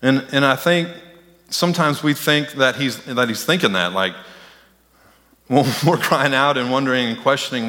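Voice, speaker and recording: A pastor with a sharp-toned, medium-pitched voice preaches conversationally at a moderate pace, now and then putting on mocking voices. Long hall reverb fills the recording.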